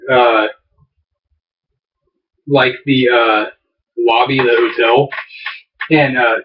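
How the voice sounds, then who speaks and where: A man chatting on a podcast, winding through a story with plenty of "uh"s and false starts. His voice sits at an ordinary pitch and sounds set back from the microphone. The recording is muffled and lo-fi. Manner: rambling storyteller, many fillers and restarts. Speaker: podcast co-host. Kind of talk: casual chat. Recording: distant, dull lo-fi mic.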